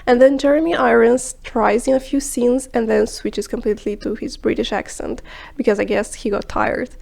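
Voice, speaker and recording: A woman with a fairly high voice reads a film review from a script. She speaks in a measured, explanatory way and now and then drops into a hushed aside. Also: steady tone, vocal fry. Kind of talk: scripted video narration.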